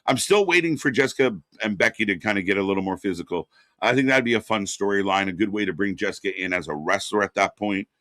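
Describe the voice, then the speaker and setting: Excitable man reacting to a live wrestling show. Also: fairly low pitch, fast, no echo, clean studio sound. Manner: excited, rambling, with fillers and sudden loud bursts. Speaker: wrestling watch-party co-host.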